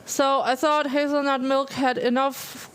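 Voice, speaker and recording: A high-pitched woman chats slowly on a live stream while her mouth burns, and her words come out slurred and careful. She is in clear pain and can hardly move her tongue. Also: level tone, poor audio. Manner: pained, slurred talk from a burning mouth. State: mouth in pain from spicy food. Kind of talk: casual live-stream chat.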